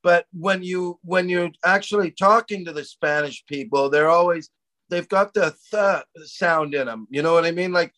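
Rambling Canadian man, slightly raised pitch. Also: moderate pace, sharp tone, low-quality recording. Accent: Canadian, partly Americanized. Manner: rambling, loose, peppered with "man" and "you know". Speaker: comedian guest. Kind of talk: casual podcast chat.

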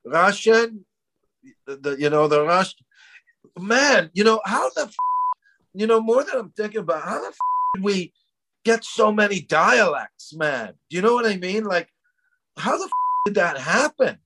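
A man's voice: high-pitched, animated, moderate pace, long pauses, heavy background noise. A middle-aged man from Canada chatting casually as a podcast co-host, rambling, laughing and peppering his talk with "man". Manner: rambling, laughing, swears and says "man" a lot. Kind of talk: casual chat.

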